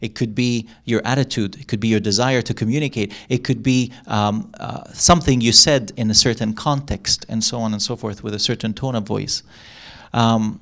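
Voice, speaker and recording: A middle-aged man giving a live talk to an audience in a room, animated, acting out lines and laughing often. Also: on the low side, normal speed. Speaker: workshop speaker.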